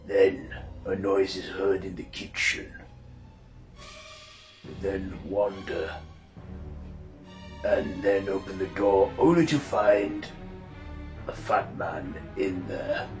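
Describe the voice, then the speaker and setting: A man tells a mystery story in a plain, unhurried manner, his low voice moving very slowly. Faint music plays under his narration. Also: roomy sound.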